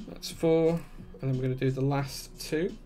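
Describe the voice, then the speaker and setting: Gravelly man explaining a build. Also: medium pitch, steady tone, normal speed, mellow, faint music behind. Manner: methodical step-by-step explaining, reading chat aloud. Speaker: keyboard-building live streamer. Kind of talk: live-stream build tutorial with chat replies.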